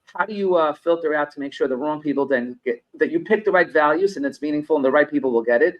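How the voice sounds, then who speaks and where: Middle-aged male consultant from New York, fairly high voice, conversational podcast guest who teaches through anecdotes. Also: fast, dull audio. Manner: explains through personal anecdotes, repeats phrases for emphasis.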